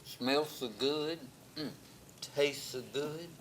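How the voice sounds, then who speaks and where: Speaking slowly in a steady voice on the high side, a pastor hosting a TV show tastes food in a studio kitchen. His segment chat is exuberant, packed with jokes and loud exclamations.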